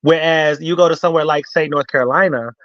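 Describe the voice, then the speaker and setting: Man, casual host, fairly high-pitched, animated explainer, dull dry online audio. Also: quick pace, no room sound. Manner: animated storyteller who acts out quotes and reads viewer comments aloud. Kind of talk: casual chat.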